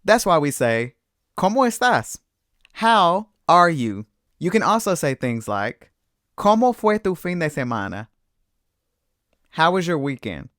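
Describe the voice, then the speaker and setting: A man teaching a Spanish lesson, explaining patiently and clearly with lively emphasis. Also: a little high, a little slow, pauses often, no room sound, clean studio sound. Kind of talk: scripted language lesson.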